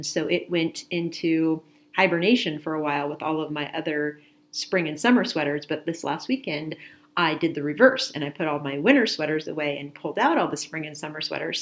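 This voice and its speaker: A woman co-hosting a podcast in casual chat, her throat scratchy from allergies, chatty and quick to laugh. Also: low voice. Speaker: podcast co-host.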